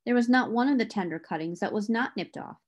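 A woman reading as Tom, a gentle gardener. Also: quick pace, highs cut off, natural voice. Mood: grumbling. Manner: low, gentle pleading. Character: gardener Tom, a pleading kindly man.

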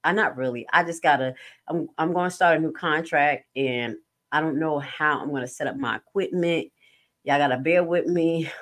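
Slangy woman on a casual stream, low-pitched. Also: moderate pace. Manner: slangy, animated, jokey, swears freely. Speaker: night nurse and commentary streamer. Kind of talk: casual livestream chat.

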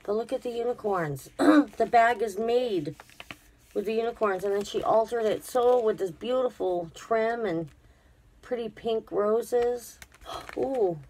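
A woman's voice: a little high, a little slow, a little mellow, a little hiss or hum. A woman vlogger chatting casually to her viewers while unboxing a craft gift, gushing with effusive praise. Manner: talks to viewers directly.

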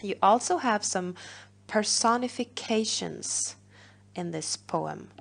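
Slow, creaky woman teaching. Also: mid-range voice, animated, a bit bright. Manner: patient explaining with filler pauses. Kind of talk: recorded literature lesson.

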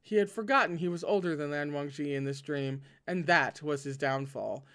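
A man's voice: fairly high pitch, normal speed, fairly bright tone. Man reading aloud with wry asides. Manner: breaks off into wry asides and joking commentary. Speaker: host reading a novel aloud. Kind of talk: casual read-aloud with commentary.

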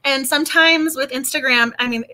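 A woman hosts a casual book club livestream from home, bubbly and quick to laugh. Her voice sits high and sounds bright and sharp. She talks in an easy, chatty way.

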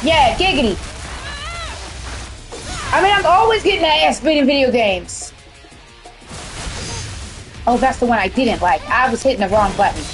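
A tired woman streaming a video game, with a husky voice, reacting crudely and excitedly as she plays. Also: on the high side, moderate pace, long pauses, low-quality recording. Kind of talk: casual gameplay commentary. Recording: music playing loudly behind.

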